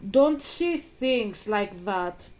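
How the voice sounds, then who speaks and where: Slow-talking woman vlogger. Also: mid-range voice, animated, darkish tone. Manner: slow, hesitant, breaks off to question and argue. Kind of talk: casual vlog commentary.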